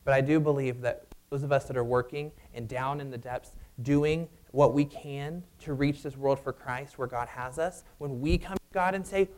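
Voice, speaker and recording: A man preaching a sermon and telling a personal story in a conversational, animated way. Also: mid-range voice, moderate pace, hardly any pauses.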